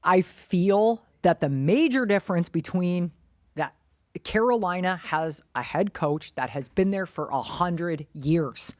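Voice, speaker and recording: A woman's voice: fairly low pitch, unhurried, a little mellow, no room sound, clean studio sound. A woman co-hosting a casual sports podcast, giving blunt, opinionated takes and swearing freely. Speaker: podcast co-host.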